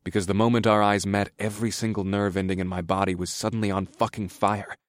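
A man narrating a first-person romance audiobook in a steady, low-key way. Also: fast, no room sound, studio quality.

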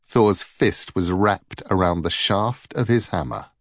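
A man narrating a myth as a storybook reading in an unhurried, expressive way. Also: low-pitched, no room sound, clean studio sound.

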